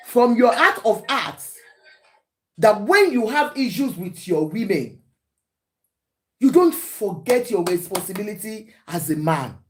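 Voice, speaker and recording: A woman's voice: fairly high pitch, darkish tone. A Nigerian woman hosting a talk show, giving preachy, emphatic commentary to her panel and often switching into Yoruba.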